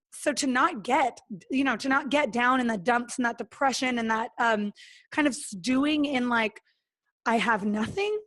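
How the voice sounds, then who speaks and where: A woman with a fairly high, slightly bright voice speaks as a podcast guest in casual interview talk. Her manner is relaxed, earnest and motivational, and she acts out her own thoughts as well as what other people said.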